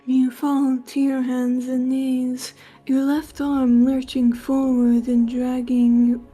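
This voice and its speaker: A woman narrates a live reading in a slow, measured way. Her voice is high but very dark and stays fairly flat. Faint music plays behind her. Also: rough recording. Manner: measured, with laughs between lines.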